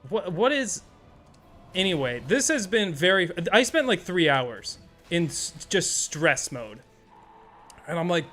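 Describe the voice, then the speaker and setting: Excitable young male streamer, high-ish voice. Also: takes it slowly, long pauses, a little hiss or hum. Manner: excitable, rambling, swears a lot. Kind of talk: casual live-stream chat while gaming.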